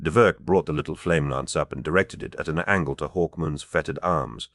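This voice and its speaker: A man reading an audiobook as narrator, steady and measured. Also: rumbling low, no room sound, clean studio sound. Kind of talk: scripted narration.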